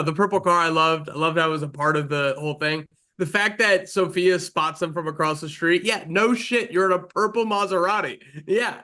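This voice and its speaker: A man with a rather high, sharply bright voice. He talks bluntly and with energy, and curses casually as he riffs with his co-hosts. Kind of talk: casual film review chat.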